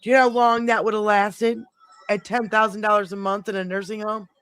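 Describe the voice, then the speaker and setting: A middle-aged woman hosting a podcast, telling a long story in a casual, animated way, swearing freely and rambling. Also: medium pitch, a little fast, smooth, no echo. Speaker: podcast host.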